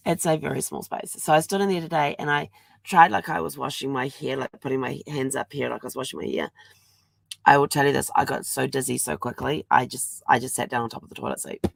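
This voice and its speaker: A woman's voice: rumbling low, moderate pace, gravelly, no echo. A middle-aged woman hosting a casual daily video diary while ill with a sore throat and congestion, talking around a throat lozenge, chatty and rambling, laughing at herself. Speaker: vlog host.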